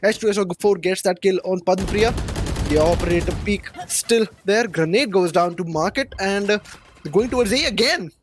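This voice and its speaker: A high-pitched male caster calls a college esports match play by play, his voice jumping up in excitement on big moments. A faint hiss of noise sits under his voice. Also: normal speed. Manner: excitable, rises sharply on big plays. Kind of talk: play-by-play commentary.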